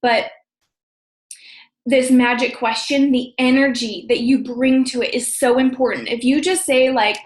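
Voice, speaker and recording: Upbeat woman, high voice, casual team coaching, echoey room. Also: fairly even intonation. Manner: upbeat, talks fast with frequent "okay?" check-ins. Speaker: team leader training sales associates. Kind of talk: casual training talk.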